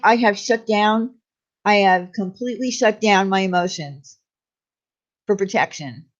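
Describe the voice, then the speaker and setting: A woman talks openly on a casual live stream, confiding in her viewers and answering them by name. Her voice sits at a middle pitch for a woman. The sound is dull and lo-fi, like home stream audio. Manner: candid, confiding, reads out viewer names.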